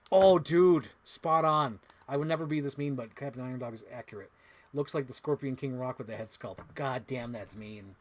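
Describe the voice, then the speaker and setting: A man's voice: medium pitch, normal speed. A man chatting casually in an unboxing vlog, rambling with lots of "like" fillers and dropping into silly voices. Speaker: toy collector vlogger. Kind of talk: casual unboxing chat to a live chat.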